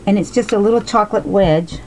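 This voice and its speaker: A woman in her late forties speaks to her viewers in a personal vlog. Her talk is slow, heartfelt and encouraging, and sometimes emotional. A faint hiss of background noise sits under her voice. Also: medium pitch, darkish tone, rough recording. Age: 40s. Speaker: vlogger.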